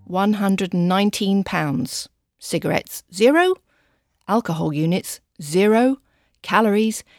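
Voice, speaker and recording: Brief: expressive female audiobook narrator, mid pitch, very dry recording. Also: dry recording. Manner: lively, expressive reading. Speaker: audiobook reader.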